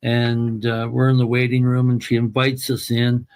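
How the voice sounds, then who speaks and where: A man's voice: medium pitch, monotone, normal speed, darkish tone. A man telling a personal family story as an interview guest, emphatic and emotional.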